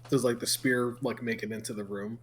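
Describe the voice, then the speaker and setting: A man's voice: mid-range voice, flat delivery, brisk, a bit bright, slight background noise. A man playing in a tabletop game, talking in a wry, cocky way. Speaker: player.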